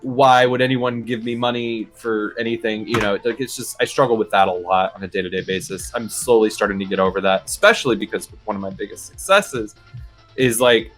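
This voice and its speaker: A man chatting as a dialect coach guest, explaining accents in a lively, teacherly way. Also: lowish voice, soft background music. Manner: animated, teacherly, quick asides. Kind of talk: casual chat explaining accents.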